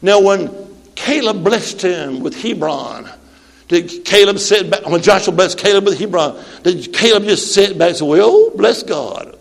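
A man in his late sixties with a high-pitched voice preaches a Pentecostal sermon in a church sanctuary. He calls on the congregation for amens and breaks into shouts and sung-out lines. His voice rings with a long hall reverb. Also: moderate pace, creaky. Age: 60s.

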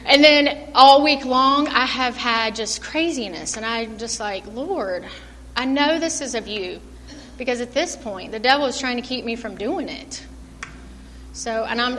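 A woman's voice: on the high side, moderate pace, fairly bright tone. A middle-aged woman giving an informal church sermon, earnest and self-deprecating, laughing often. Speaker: lay preacher. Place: church hall. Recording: long hall reverb, faint room noise.

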